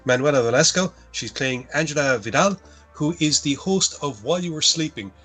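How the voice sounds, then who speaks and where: His fairly high, husky voice is animated, fairly quick and fairly bright, with faint music behind it. A podcast co-host, he casually recaps a horror film, rambling, profane and self-correcting.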